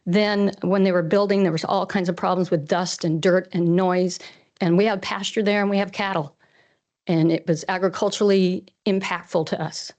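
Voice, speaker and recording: A woman farmer from Washington State speaks at a council lectern. She is earnest and rambling, with emotion close to the surface. Her voice sits a little low. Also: fairly even intonation, normal speed, a little mellow. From Washington State, USA. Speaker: farmer giving public comment. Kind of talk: public comment at a council meeting. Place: council chamber.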